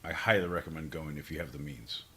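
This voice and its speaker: A man co-hosting a podcast, joking loudly and putting on silly mock outrage. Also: very deep voice, quick pace, husky. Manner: bursts into loud mock outrage and silly fake German. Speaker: podcast co-host. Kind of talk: joking banter.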